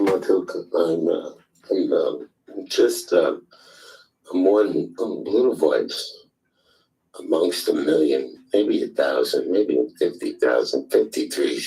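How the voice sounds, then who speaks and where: A fired-up man in an online group voice chat, fairly low in pitch. He talks angrily, swears often and circles back to the same phrases again and again. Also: vocal fry, a little mellow, low-quality recording. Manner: angry, swears often, repeats himself. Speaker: Twitter space participant.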